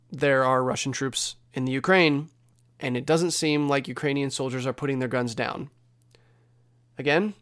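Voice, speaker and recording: Man from the US, casual news commentary, thinks aloud, restarts sentences. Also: medium pitch. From United States.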